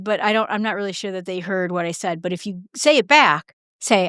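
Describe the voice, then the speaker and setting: A woman's voice: medium pitch, fairly bright tone, dry recording, studio quality. A woman hosting her own podcast, talking casually with fillers and restarts and acting out little conversations. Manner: chatty, quick asides with fillers and restarts; acts out short quoted exchanges in her own voice. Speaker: podcast host. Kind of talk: casual solo podcast talk.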